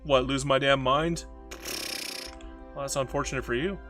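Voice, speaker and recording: A man's voice: mid-range voice, fairly even intonation, moderate pace, over music. A man casually commenting on a strategy game while streaming, rambling, mocking himself and reading chat messages aloud.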